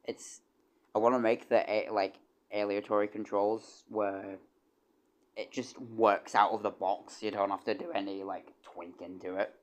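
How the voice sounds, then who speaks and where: A man's voice: on the low side, flat delivery, a little slow. A young man, chatting casually on a livestream, rambling with stammered restarts and casual swearing. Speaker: streamer and composer.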